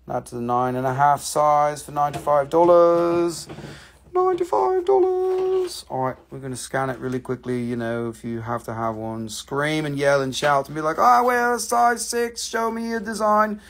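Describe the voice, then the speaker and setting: A man hosting a live stream that sells stones, chatting casually, joking and swearing as he goes. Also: mid-range voice. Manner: joking, profane, chatty patter. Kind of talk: casual live sales chat.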